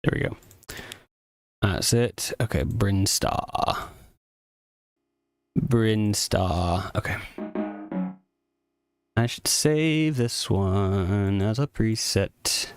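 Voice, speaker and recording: A man with a fairly low voice chats his way through a live music tutorial, loose and rambling as he thinks aloud. The sound is close and dry, with faint music behind him. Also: lively intonation, drawn-out words, long pauses, smooth, no room sound. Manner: casual, rambling, self-correcting; apologetic, easygoing. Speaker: streamer composing game music.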